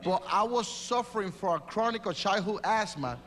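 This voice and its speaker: A man's voice: high-pitched, lively intonation, moderate pace, a bit bright. A man in his forties with a Puerto Rican Spanish accent, answering debate questions emphatically in loose, broken English. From New York. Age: 40s. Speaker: mayoral candidate. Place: large hall at a live debate. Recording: reverberant hall with faint hum.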